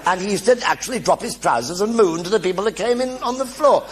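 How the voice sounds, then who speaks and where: An older man telling anecdotes in a one-man stage show before an audience, animated and acting out the voices of everyone in his stories. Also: high voice, fast talker. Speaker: stage performer.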